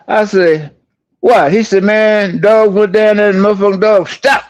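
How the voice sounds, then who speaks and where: An older man telling a hunting story in casual chat, animated and cussing, acting out the quotes. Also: high-pitched, normal speed, poor audio. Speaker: guest storyteller.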